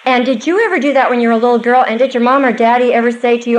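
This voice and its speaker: A woman's voice: fairly high pitch, fast talker, hardly any pauses, slight background noise, rough recording. An older woman giving a Bible teaching to a live audience, earnest and conversational with small asides.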